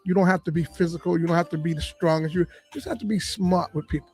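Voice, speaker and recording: A man from Boston, a comedian and radio guest, telling lively stories in a casual interview. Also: a little high, fast talker, husky, soft background music. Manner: animated storyteller, lively and full of punchlines.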